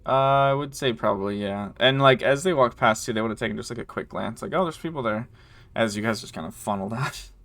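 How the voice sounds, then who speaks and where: A man narrating as game master in a casual, laughing way, slipping into quick character voices. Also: lowish voice, steady tone, gravelly, a bit bright, no room sound.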